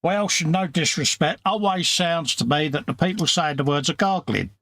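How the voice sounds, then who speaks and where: Male co-host with a gravelly voice for casual livestream banter, conversational and full of tag questions. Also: on the high side, moderate pace, bright, forceful tone, no echo. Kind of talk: casual chat.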